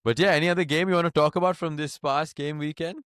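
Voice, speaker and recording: Smooth-voiced man in casual football chat. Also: fairly high pitch, steady tone, fast, fairly bright tone, dry recording, studio quality. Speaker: podcast co-host.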